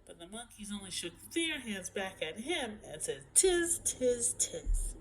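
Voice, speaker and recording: A woman reading a children's picture book aloud in an expressive, playful way, sometimes dropping to a whisper. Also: medium pitch, normal speed, soft background music, poor audio. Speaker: storyteller.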